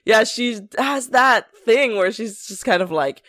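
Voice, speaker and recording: A woman's voice: fairly high pitch, animated, a little slow, a bit bright, no room sound. A woman co-hosting a casual podcast chat, laughing often as she retells a story and mimics people's lines. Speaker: podcast co-host.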